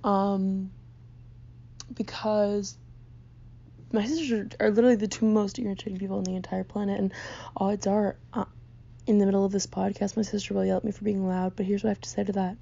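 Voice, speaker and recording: A young woman hosts a podcast from her basement bedroom and rants with exasperated, profane storytelling. Her voice has a gravelly, vocal-fry texture and a warm, mellow tone. The recording sounds slightly dull and lo-fi. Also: medium pitch, little pitch movement, brisk. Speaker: podcast host. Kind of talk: ranting podcast monologue.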